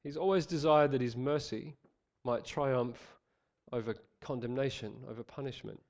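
A man preaching a sermon, praying and reading scripture in an earnest, measured way, slightly nasal from a head cold. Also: mid-range voice, a little mellow, dull audio. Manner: earnest, measured, some fillers.

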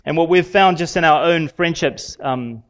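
A man giving a sermon in a conversational way, with frequent pauses and fillers. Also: fairly high pitch, fairly bright tone, highs cut off. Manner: conversational, halting with many fillers. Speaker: preacher.

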